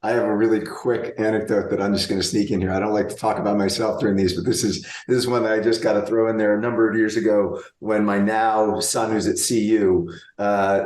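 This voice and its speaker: A man hosting an interview, telling a quick anecdote in an energetic, casual way. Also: fairly low pitch, echoey room. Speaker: interview host.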